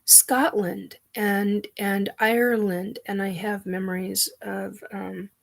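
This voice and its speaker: A woman hosting her own show, talking in a halting, earnest way as she searches for words. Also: mid-range voice, flat delivery, vocal fry. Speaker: show host. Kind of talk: personal monologue.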